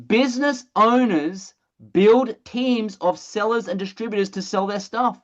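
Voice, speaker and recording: A presenter running an energetic sales training webinar over a video call, blunt and excitable, swearing casually. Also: medium pitch, moderate pace, muffled recording.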